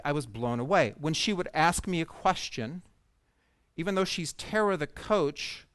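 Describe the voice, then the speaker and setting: A man's voice: a little high, dry recording. A man giving a conference talk, telling a personal story with humor and self-deprecating asides to an audience. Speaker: speaker at a coaching conference. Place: conference stage.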